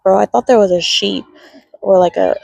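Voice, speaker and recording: A woman livestreams while strolling through a park, chatting casually and greeting viewers by name on a handheld phone. Her mid-range voice moves at a moderate pace and sounds gravelly, slightly mellow and breathy at the edges, though the audio is dull.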